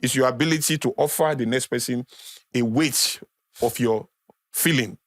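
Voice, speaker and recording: A man's voice: mid-range voice, normal speed, dry recording, studio quality. A man with a Nigerian accent, a podcast guest lecturing in a conversational way, repeating key phrases for emphasis. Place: podcast studio.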